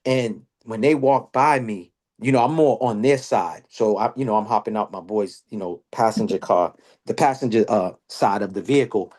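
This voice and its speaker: Animated man telling a story. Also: moderate pace. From Boston area. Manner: animated storyteller, slang-heavy, jumps high when quoting people. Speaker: podcast host. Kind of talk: casual storytelling chat.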